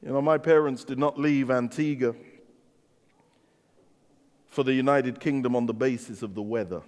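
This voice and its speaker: A man with an English accent preaching a sermon as a pastor, telling stories in an animated way and acting out the dialogue. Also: medium pitch, moderate pace. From England. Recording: long reverb of a large hall.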